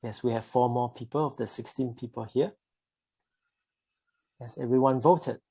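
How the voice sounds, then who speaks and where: A man's voice: mid-range voice, fairly even intonation, moderate pace, mellow, husky, dry recording. A man hosting an online club meeting, polite and a bit hesitant as he runs a poll. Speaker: meeting host. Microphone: video call.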